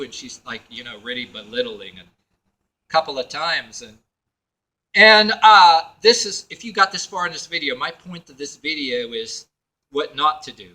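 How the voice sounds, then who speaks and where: A man's voice: on the high side, lively intonation, normal speed, pushed and bright, rough recording. A man telling a personal story to camera in a meandering way, full of fillers and restarts, acting out what others said. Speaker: video blogger.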